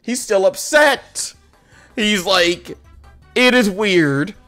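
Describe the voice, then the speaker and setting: A man telling a story in casual chat, animated and exasperated, with bursts of laughter. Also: sits high, very slow, soft background music.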